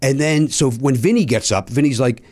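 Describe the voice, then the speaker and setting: A man, a comedian guest on a podcast, telling a long anecdote in casual chat. He is animated and profane, and acts out other people's lines. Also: medium pitch, normal speed. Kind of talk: casual storytelling.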